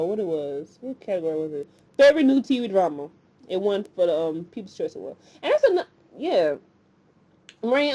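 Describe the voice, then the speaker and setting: A woman's voice: fairly high pitch, dark tone. A woman casually recapping a TV episode, rambling and colloquial, and acting out the characters' lines as she goes. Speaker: TV recap vlogger. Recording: dull lo-fi recording.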